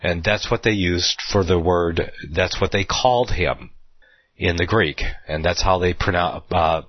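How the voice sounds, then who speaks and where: A man giving an unscripted Bible study talk, rambling with fillers and restarts, slowing down to stress key words. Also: sits low, no room sound, muffled recording.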